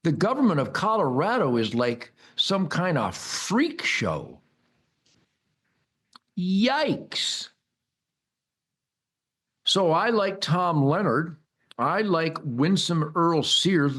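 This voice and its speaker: An older American man hosting a rambling, mocking political monologue, bombastic and loud, with sudden high-pitched outbursts. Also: very animated, slow, long pauses. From United States. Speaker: host.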